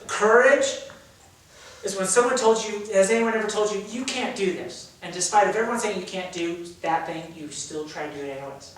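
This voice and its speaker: This drama teacher speaks briskly in a high voice, with a little hiss or hum on the recording. He energetically explains exercises to young actors and acts out emotions, captured from afar by a camera mic in a large, echoey room.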